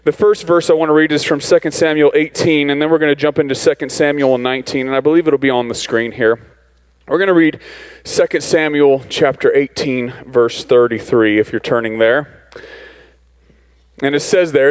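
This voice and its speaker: A man's voice: mid-range voice, fairly even intonation, fairly quick, smooth, poor audio. A man from Arizona preaching as a visiting pastor in a church, joking with the congregation in a loose, conversational way. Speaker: guest pastor. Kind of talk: sermon. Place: church sanctuary.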